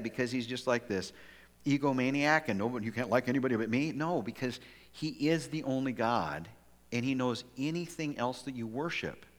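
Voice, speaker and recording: A man preaching a sermon as pastor, telling a story in a lively way with many restarts. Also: mid-range voice. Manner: animated storytelling with frequent restarts. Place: church sanctuary. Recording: long hall reverb.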